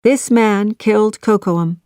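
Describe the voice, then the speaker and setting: A woman's voice: medium pitch, slow pace, a little mellow, smooth, no room sound, clean studio sound, pitched above the performer's own voice, lightly acted. A woman voicing a loyal young friend who speaks firmly and reassuringly, in a children's audiobook reading.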